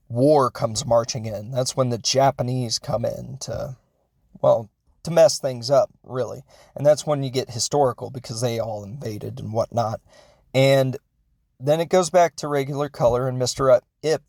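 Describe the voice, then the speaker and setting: A man's voice: mid-range voice, a little mellow, no echo. Goofy young man rambling a film recap. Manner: jokey, goofy, self-correcting, makes sound effects. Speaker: comedic film reviewer.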